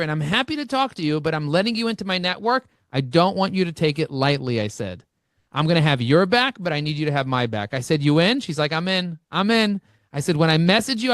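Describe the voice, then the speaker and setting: A man speaking as an interview guest, telling energetic stories and acting out both sides of conversations. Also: sits high, no echo, clean studio sound. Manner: animated, acts out dialogue with shifting voices. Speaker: podcast guest, marketing expert.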